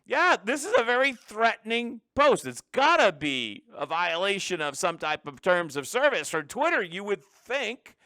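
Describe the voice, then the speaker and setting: Guy hosting his own commentary show, opinionated and punchy, smooth clear voice, dry close sound. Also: high-pitched, big pitch swings, normal speed, few pauses, pushed and bright, no echo. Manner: emphatic, opinionated, with frequent restarts. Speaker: political commentary show host. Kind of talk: solo political commentary.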